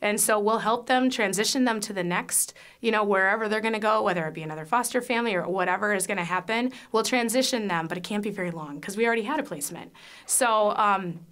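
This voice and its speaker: A woman's voice: mid-range voice, quick pace, fairly bright tone. A foster mother giving a candid, emotional faith testimony, with frequent fillers and restarts. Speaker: foster parent.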